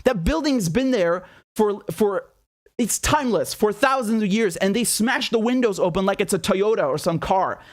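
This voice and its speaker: Male host, high voice, heated monologue, rhetorical questions. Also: animated, normal speed. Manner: indignant, fires rhetorical questions. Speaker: political commentator. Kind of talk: impassioned political commentary.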